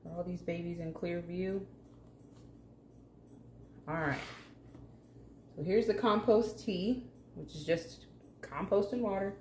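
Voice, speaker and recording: A low-pitched woman talks casually through her plant care, joking and chatting to the plants as she works. Her voice rings in an echoey room at home. A faint hum sits under it. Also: takes it slowly, pauses often, a little mellow. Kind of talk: casual hands-on vlog chat.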